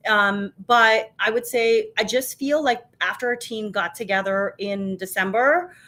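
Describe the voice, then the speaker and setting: A woman's voice: mid-range voice, unhurried, a bit bright. A woman hosting a casual live stream from her home kitchen. She talks in a chatty, upbeat way, with many fillers and restarts. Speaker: co-founder and live show host.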